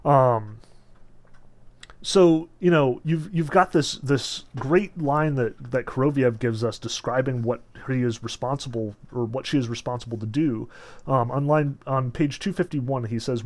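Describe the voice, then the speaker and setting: A man's voice: mid-range voice, a little slow. Chatty male lecturer, lots of fillers. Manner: chatty, many filler words and restarts; emphatic when stressing points. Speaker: literature lecturer. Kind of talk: casual lecture on a novel, reading passages aloud.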